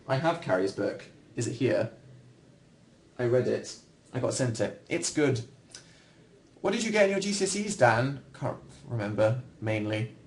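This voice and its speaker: A man's voice: mid-range voice, slight background noise. Rambling young Englishman chatting to viewers. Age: young adult. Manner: rambling, self-deprecating, dry humor. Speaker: livestream host. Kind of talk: casual livestream chat answering viewers.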